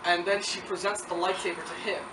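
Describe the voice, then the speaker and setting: Casual film reviewer, rambling and animated, middle pitch; distant mic, echoey room, background noise. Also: a little fast. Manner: rambling and excitable, full of "like" and acted-out quotes. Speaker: movie reviewer.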